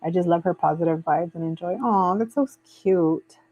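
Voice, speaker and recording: A woman's voice: lowish voice, moderate pace. A woman hosting a casual live stream, chatting lazily while she crafts and reads viewer comments aloud. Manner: relaxed and lazy, trailing off with fillers. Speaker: livestream host. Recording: dull lo-fi stream audio.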